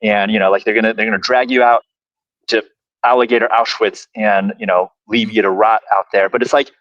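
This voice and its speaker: A low-voiced man reflects on fear and choices in a casual podcast talk, often halting to find his words. His audio is dull and muffled, as if from a weaker remote mic, and the sound is dry. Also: steady tone, a bit bright, no echo. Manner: reflective, halting, many fillers. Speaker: podcast co-host.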